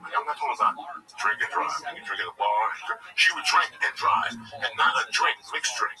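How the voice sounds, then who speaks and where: A man's voice: on the low side, fairly quick, crowd noise. Rambling, profane male comedian, far from the mic. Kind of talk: casual storytelling chat. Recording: distant mic with background noise.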